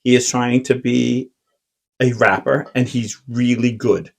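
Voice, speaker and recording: A man's voice: medium pitch, fairly even intonation, measured pace, vocal fry, low-quality recording. A man co-hosting a podcast, telling a long anecdote in casual chat, full of fillers and quoted lines. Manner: rambling, filler-heavy storytelling with acted quotes. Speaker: podcast co-host.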